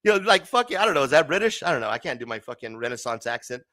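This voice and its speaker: Hosting a comics livestream, this Arizona man in his thirties keeps up a loose, chummy ramble packed with swearing and frequent laughter. He speaks rapid-fire in a mid-range voice with big pitch swings and a sharp tone. No room sound is audible.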